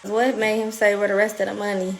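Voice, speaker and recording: A woman in her thirties telling a story in a casual, animated and profane way, laughing often. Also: mid-range voice, fairly quick, gravelly. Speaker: podcast guest.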